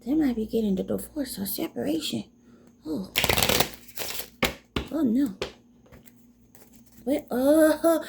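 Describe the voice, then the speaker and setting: High-voiced woman tarot reader, blunt, swears freely, rambling delivery. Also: expressive, slow pace, gravelly, long pauses, mellow, slight background noise. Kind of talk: casual tarot reading.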